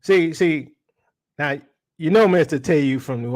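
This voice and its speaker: A man's voice: a little high, measured pace, long pauses, darkish tone. A man preaching to his livestream audience in a casual, slangy way. He keeps asking the listeners rhetorical questions. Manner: slangy, calls the audience y'all.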